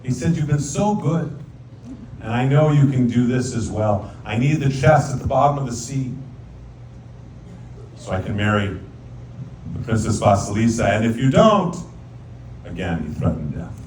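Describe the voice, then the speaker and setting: A man's voice: mid-range voice, normal speed, long pauses. Man telling a sermon story in a hall. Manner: animated storyteller, sings Hebrew verses. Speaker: rabbi. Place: synagogue sanctuary. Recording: echoey hall, distant mic, faint room noise.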